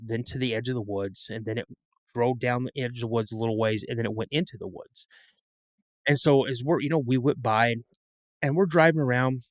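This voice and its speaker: A man's voice: mid-range voice, dry recording. A middle-aged man telling a story as a podcast guest, rambling and often repeating and restarting his words. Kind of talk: storytelling in an interview.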